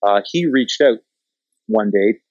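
Low-voiced man telling stories, dry and muffled. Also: slow pace, no echo. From Canada. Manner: animated, swears freely, acts out quotes. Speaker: documentary filmmaker. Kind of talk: casual storytelling in conversation.

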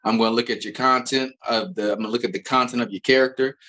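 A man's voice: medium pitch, fairly even intonation, fast talker, pushed and bright. Rambling man from upstate New York. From Albany, New York. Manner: rambling, many fillers and restarts. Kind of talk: casual conversational storytelling.

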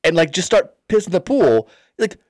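A man acting out a rambling, excitable male radio caller who builds to loud, emphatic points. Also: sits high, moderate pace, dry recording, studio quality, pitched above the performer's own voice.

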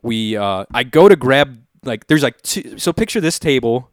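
A man's voice: mid-range voice, sing-song, moderate pace, dry recording, studio quality. A man in his twenties hosting a podcast, telling a party story in a laid-back way, swearing freely and using lots of filler words. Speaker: podcast host. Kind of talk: casual storytelling chat.

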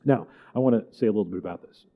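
A man's voice: on the low side, rapid-fire. A man teaching a church catechism class, conversational and digressive, often checking in with "right?" and "okay?". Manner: animated and emphatic, with chuckles. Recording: tinny, phone-like recording.

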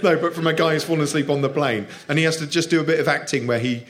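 A man's voice: fairly high pitch, rapid-fire, a bit bright. A middle-aged man talking as a podcast guest, telling stories in a dry, sardonic way. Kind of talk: casual comedic chat on stage.

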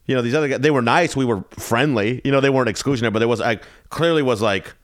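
A man's voice: medium pitch, very fast, no room sound, clean studio sound. A comedian from Texas, a man chatting as a podcast guest in hesitant, filler-heavy talk. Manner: hesitant, filler-heavy chat with frequent laughs. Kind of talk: casual podcast chat. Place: home man cave studio.

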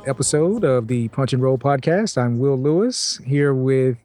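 A man's voice: mid-range voice, animated, normal speed, a little mellow, faint music behind. A man hosting a podcast, introducing guests and segments in a friendly, casual way. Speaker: podcast host.

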